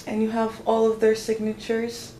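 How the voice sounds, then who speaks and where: A young woman vlogger excitedly telling a story, gushing and tripping over her words as she goes. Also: fairly high pitch, moderate pace. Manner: gushing, restarts often, lively. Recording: roomy echo, faint background ambience.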